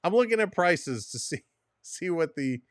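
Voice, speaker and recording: A man hosting a live stream, chatting casually and venting his frustration out loud. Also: fairly high pitch, sing-song, a little slow, dry recording, studio quality. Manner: frustrated, exasperated, talks to himself and chat.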